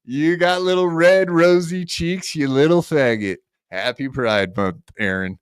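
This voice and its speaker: A man's voice: a little high, unhurried, clear, resonant tone, no echo, clean studio sound. A man hosting a podcast in casual chat, delivering profane, mocking rants. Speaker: podcast host.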